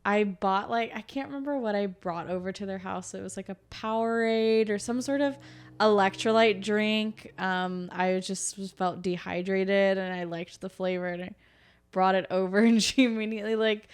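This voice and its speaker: A chatty woman in casual podcast conversation. She tells family stories in an easygoing way and breaks into playful, animated impressions of the people in them. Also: medium pitch, moderate pace, smooth. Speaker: podcast co-host. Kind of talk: casual chat.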